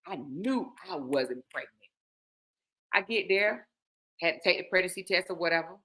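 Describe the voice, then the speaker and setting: A woman hosting her own show, telling a personal story in an animated way and speaking straight to her listeners. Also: medium pitch. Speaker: host.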